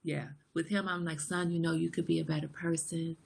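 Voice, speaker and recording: A woman's voice: deep voice, level tone, brisk, creaky, a little mellow, slightly rough. A woman in her forties hosting a livestream, chatting frankly and jokingly with viewers and reading out their comments. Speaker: livestream host. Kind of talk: casual chat with live viewers.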